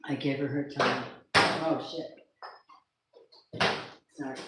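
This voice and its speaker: A woman's voice: low voice, very slow, pauses often, roomy sound, a little hiss or hum, low-quality recording. A woman doing a live tarot reading, gushing over her viewers and swearing now and then. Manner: effusive, gushing address to viewers, occasional swearing. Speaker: tarot reader.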